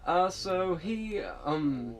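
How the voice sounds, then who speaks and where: A man's voice: high voice, lively intonation, drawn-out words. A man recapping a TV episode in a casual, rambling way, full of fillers and self-corrections. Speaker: TV show reviewer. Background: guitar music.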